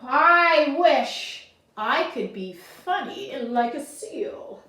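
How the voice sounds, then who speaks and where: A woman voicing a wistful male chameleon who wishes he were other animals, speaking slowly and softly. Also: high-pitched, lively intonation, exaggerated voice. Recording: echoey room, voice from far off.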